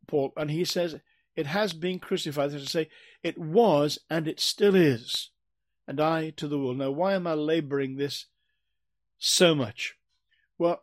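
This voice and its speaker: Guy teaching bible verses, fairly high voice, emphatic, keeps restarting his sentences. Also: no echo. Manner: earnest, emphatic, repeats and restarts phrases while explaining. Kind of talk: expository sermon.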